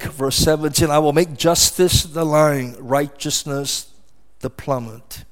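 Slow, emphatic male preacher. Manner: emphatic preaching with sudden rises in pitch and volume; repeats phrases for emphasis. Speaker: pastor. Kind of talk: sermon.

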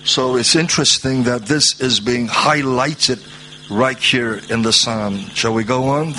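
A man preaching a sermon, alternating slow scripture reading with rising, drawn-out proclamations. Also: bright, forceful tone, slight background noise. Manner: rises to high, drawn-out proclaiming.

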